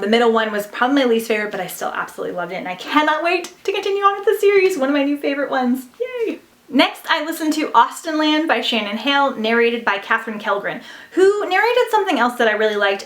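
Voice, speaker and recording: Woman, young adult, casual book review chat, gushing, chatty, fairly high voice, echoey room. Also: a bit bright. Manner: gushing, chatty, lots of fillers. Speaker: book vlogger. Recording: roomy echo.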